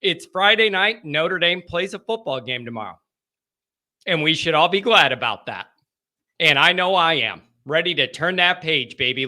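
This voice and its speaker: A man hosting a casual fan livestream, excitable and emphatic, repeating himself, his voice still recovering from strain. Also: on the high side. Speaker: sports fan show host. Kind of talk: casual livestream chat to fans.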